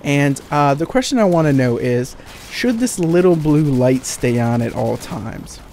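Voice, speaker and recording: A man's voice: fairly high pitch, animated, unhurried, darkish tone, slight background noise. A man voicing a fussy, worried older woman customer with prim, fretful questions.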